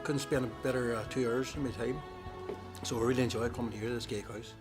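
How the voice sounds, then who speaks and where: A man speaking as a member of a men's class, in a quiet, appreciative way. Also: mid-range voice, fairly even intonation, fast talker, music in the background.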